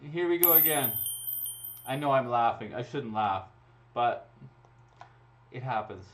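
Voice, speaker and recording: A man's voice: medium pitch, lively intonation, unhurried. A man hosting a live raffle draw, chatting casually and laughing as he runs the draws into a computer mic. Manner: chatty and laughing, talking through each draw. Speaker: raffle host. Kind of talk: casual livestream chat. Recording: dull lo-fi stream audio.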